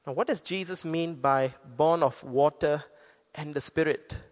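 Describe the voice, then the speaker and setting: Guy preaching a sermon, kinda high voice, long echo in a big hall. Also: unhurried. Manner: earnest, explanatory preaching with scripture quotes. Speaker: pastor.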